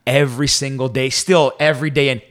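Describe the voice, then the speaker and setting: A man talks quickly in a loose, friendly podcast chat. He tells stories with energy and acts out what other people said. His pitch sits in a middle range. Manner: animated storyteller, acts out quotes. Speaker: podcast co-host. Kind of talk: casual chat.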